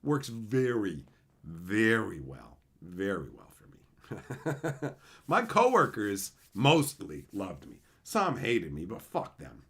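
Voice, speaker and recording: A man chats with his viewers on a live stream in a lowish, fairly bright voice with wildly swooping pitch and a slow pace. He tells blunt, profane stories, laughing as he acts out the people in them.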